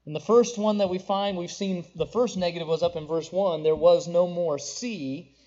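At a normal speed, a young male pastor delivers his sermon, his pitch high for a man. Emphatic, ringing statements give way to quiet, tender stretches, and the audio quality is muffled and lo-fi.

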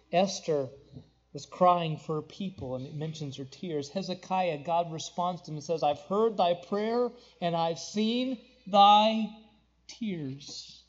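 A young man preaching a sermon as a pastor, rising to emphatic declarations and dropping to hushed, tender passages. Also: high voice. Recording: dull lo-fi recording.

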